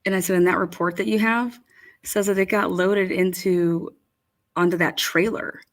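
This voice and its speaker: A woman with a slightly low voice talks through video footage in a loose, rambling way. She swears freely and sounds openly incredulous as she tells her story. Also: steady tone, normal speed. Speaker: commentator on footage. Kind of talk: casual commentary over video.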